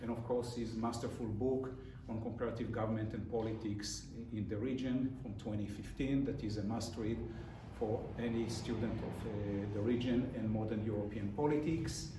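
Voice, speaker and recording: A man's voice: fairly low pitch, steady tone, normal speed. A man hosting a talk and formally introducing the guest speaker, with occasional fillers. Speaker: center director and host. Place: lecture room. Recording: echoey room from far off, clear background noise.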